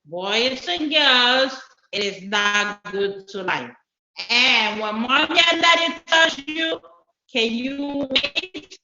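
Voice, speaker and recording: A woman's voice: medium pitch, pushed and bright. A woman telling a children's story at a church service, speaking expressively and addressing the children directly. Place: church sanctuary. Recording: echoey church hall, dull sound.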